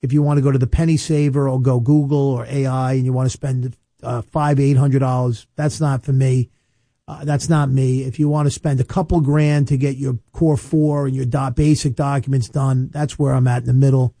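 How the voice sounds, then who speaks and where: A New man in his fifties talks through estate planning in a loose, anecdotal way, repeating himself and slowing down to drive a point home. His voice is very dark and mellow, at an ordinary pitch for a man. The recording is dry and close, with no room sound. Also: little pitch movement, no echo. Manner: chatty, storytelling with quick asides and repetitions; emphatic, slows down to stress points. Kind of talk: casual advice monologue to camera.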